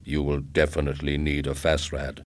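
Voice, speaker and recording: A man voicing a huge robot salesman who speaks calmly and evenly. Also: no echo, clean studio sound. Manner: calm, measured, low.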